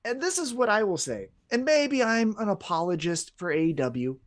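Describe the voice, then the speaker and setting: A male podcast co-host with a somewhat high voice in casual chat. He talks in halting bursts, full of fillers, and tosses in sarcastic asides. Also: very animated.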